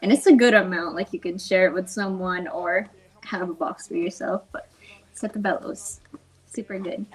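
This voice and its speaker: A woman's voice: lowish voice, fairly even intonation, normal speed, husky, poor audio. A woman co-host chatting casually and eagerly recommending a local spot, with lots of fillers. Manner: enthusiastic, filler-heavy recommending. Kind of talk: casual chat.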